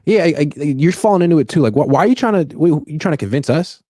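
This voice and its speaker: A man's voice: on the high side, fast, no echo, studio quality. A man co-hosting a casual sports talk show, reading viewer comments aloud and teasing. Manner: reads chat questions aloud, animated and teasing.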